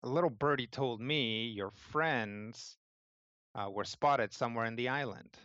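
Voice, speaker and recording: A man's voice: medium pitch, fairly even intonation, slow pace, pushed and bright, smooth, no echo. A man voicing a stern woman enforcer who makes curt threats. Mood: threatening. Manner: curt and menacing. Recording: slightly muffled lo-fi sound.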